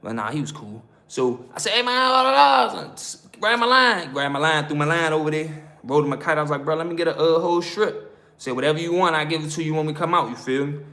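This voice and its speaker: A man's voice: fairly high pitch, fast talker, bright, forceful tone. A man with an American accent telling a prison story in casual slang, acting out the voices of the people he quotes. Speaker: prison story channel host.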